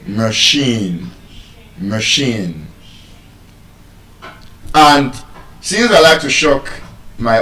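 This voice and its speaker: A man with a Nigerian accent giving a live talk on pronunciation to an audience, playful and teasing, repeating words slowly to drill them. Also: medium pitch, a bit bright. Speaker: public speaker teaching pronunciation. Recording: echoey hall, voice from far off.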